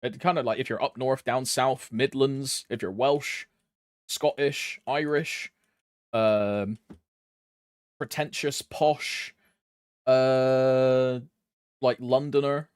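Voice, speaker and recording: Sweary streamer, close and dry. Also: male voice, medium pitch, slow pace, pauses often, smooth, dry recording. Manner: swearing, laddish banter. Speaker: game streamer. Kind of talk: casual live stream chat.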